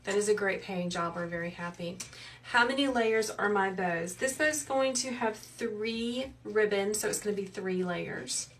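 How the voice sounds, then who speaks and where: A woman, hosting a live wreath-making tutorial in a soft, soothing, chatty way while she reads out viewers' comments. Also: medium pitch, moderate pace, distant mic, slight background noise. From South Carolina. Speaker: wreath maker and livestream host. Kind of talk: live craft tutorial chat.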